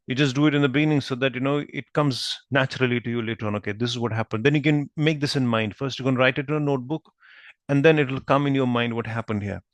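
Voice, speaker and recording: A man's voice: mid-range voice, dry recording. Man teaching Arabic grammar, dry close sound. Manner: patient, repeats "right?" to check understanding; spells out Arabic verb forms slowly. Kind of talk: online grammar lesson.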